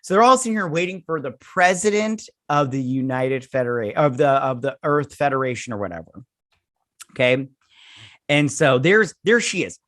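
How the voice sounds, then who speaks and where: A man's voice: medium pitch, lively intonation, moderate pace, fairly bright tone, dry recording. A man hosting a video review, sarcastically recapping an episode in a casual, mocking rant. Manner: sarcastic, mocking, acts out characters in silly voices.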